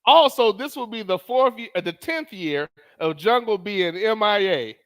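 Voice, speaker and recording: Animated high-voiced man streaming. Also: normal speed. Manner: laughing, animated, repeats phrases. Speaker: streamer host. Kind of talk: casual live-stream commentary.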